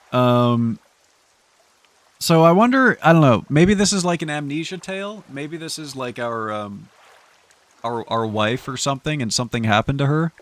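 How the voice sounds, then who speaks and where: A young man casually commenting on a game he is playing, chatty and quick to laugh, often stammering through restarts. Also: mid-range voice, animated. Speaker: streamer.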